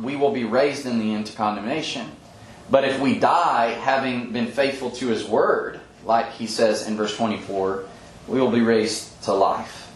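A man leading a Bible study, explaining scripture earnestly with frequent pauses and ums, often quoting verses. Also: medium pitch, slight background noise. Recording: echoey room with faint ambience.

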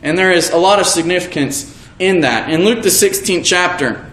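A man preaching an evening sermon, earnest and halting, slowing down to stress key words. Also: high-pitched, a bit bright. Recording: echoey room.

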